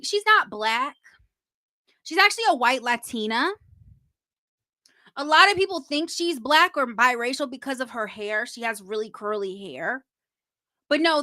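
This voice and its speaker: A woman hosting a casual livestream, chatting straight to her viewers with quick restarts. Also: sits high, sharp tone. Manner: chatty, addresses viewers directly, frequent restarts. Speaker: host.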